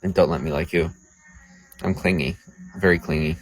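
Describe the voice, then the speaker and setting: A man's voice: deep voice, steady tone, moderate pace, faint music behind. A man on a livestream chatting casually with viewers, crude, profane and riled up.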